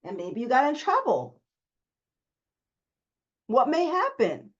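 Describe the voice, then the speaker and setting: In a motivational self-help talk, a therapist emphatically coaches viewers and keeps returning to her key phrases. Her high-pitched voice swoops wildly in pitch, moving slowly with a breathy edge, on dull lo-fi audio.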